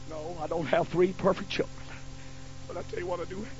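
A man's voice: sits high, fairly even intonation, quick pace, pauses often, darkish tone. A man, preaching a fiery sermon in a folksy storytelling way in a church. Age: 50s. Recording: lo-fi recording with faint hum.

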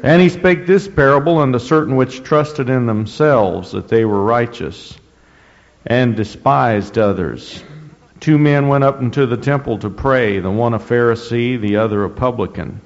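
A man preaching a sermon, reading scripture slowly and deliberately, with rising emphasis and frequent throat clearing. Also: mid-range voice. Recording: dull lo-fi recording in a reverberant hall.

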